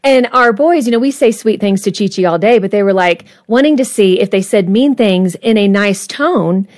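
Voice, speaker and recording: A woman's voice: mid-range voice, normal speed, darkish tone. A woman with a mid-range voice who speaks as a marriage counselor guest. She tells her stories in an earnest, engaged way, in easy conversation. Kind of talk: conversational interview.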